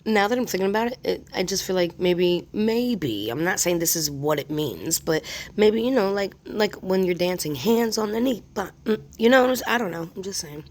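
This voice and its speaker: A woman's voice: mid-range voice, animated, normal speed. A woman hosting a spirit box session, thinking aloud in a hesitant, musing way. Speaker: host.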